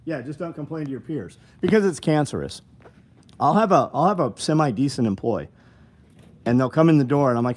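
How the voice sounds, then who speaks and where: Middle-aged man, livestream host, blunt and profane, rambling chat, mid-pitched voice. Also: animated, brisk, a little mellow. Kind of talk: casual livestream chat reading viewer comments.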